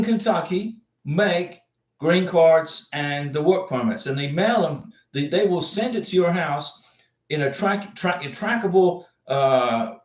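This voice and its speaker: Male livestream host, slightly high voice, loose rambling delivery, sits off-mic in an echoey home office. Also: distant mic. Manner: chatty, rambling, repeats himself often. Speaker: livestream host answering visa questions. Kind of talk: casual livestream chat reading viewer comments. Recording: roomy echo, off-mic.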